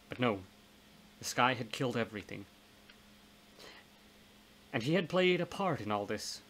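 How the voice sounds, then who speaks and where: A man narrating a horror novel in a steady, measured reading voice. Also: mid-range voice, slight background noise, rough recording. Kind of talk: audiobook reading of horror fiction.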